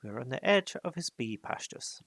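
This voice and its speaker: A man's voice: medium pitch, sing-song, fairly quick, vocal fry, fairly bright tone, no room sound, heavily acted. A man voicing an old male wizard who gives commanding, clipped instructions in a storybook reading. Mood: hushed.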